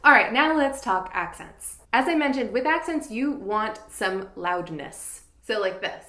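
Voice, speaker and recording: A woman teaching fiddle, explaining in a clear and patient way and counting beats aloud. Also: on the high side, expressive, unhurried, bright, forceful tone, echoey room, soft background music. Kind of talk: instructional tutorial.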